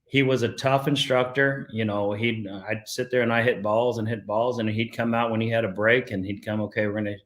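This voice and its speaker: Middle-aged guy from south texas, low-ish voice, rambling golf stories with lots of uh and you know. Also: steady tone, brisk, hardly any pauses. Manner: storytelling with many fillers and restarts. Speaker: podcast guest, golfer. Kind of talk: casual interview talk.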